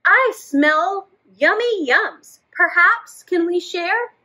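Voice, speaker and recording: A woman's voice: very high-pitched, lively intonation, slow, bright, forceful tone, dull audio, voice pushed up, exaggerated voice. A woman doing a cheerful, friendly badger.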